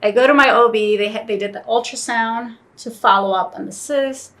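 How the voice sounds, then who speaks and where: A woman's voice: fairly high pitch, normal speed, a bit bright. A woman telling a personal story in a casual interview, acting out both sides of the conversations she recalls.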